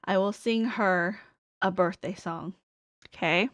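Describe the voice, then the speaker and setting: A woman's voice: medium pitch, slow, dull audio. A woman streamer in casual chat with her viewers, talking while she eats. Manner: chatty, talks while eating.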